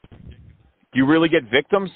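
A man's voice: a little high, normal speed, husky. A man making a prank phone call, sarcastic and mocking as he talks. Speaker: prank caller. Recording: tinny phone line.

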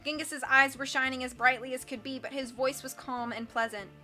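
A woman's voice: a little high, faint music behind. A woman reading a children's novel aloud, switching into character voices and sometimes stumbling over words. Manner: lively, animated reading with quick character voices and occasional slips. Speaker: audiobook reader.

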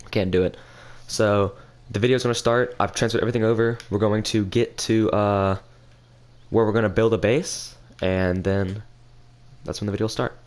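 A young man who hosts a gaming channel has a cold and a stuffy nose as he casually commentates a video game, rambling and thinking aloud while he plays. His voice is on the low side, with a steady tone at normal speed.

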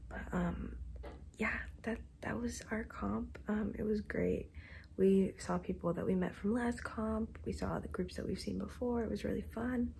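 Teen girl vlogger, hushed late-night recap, creaky low tones. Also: fairly even intonation, measured pace, slight background noise. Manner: talking quietly at night, half-whispered. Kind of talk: whispered casual vlog wrap-up. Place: home at night.

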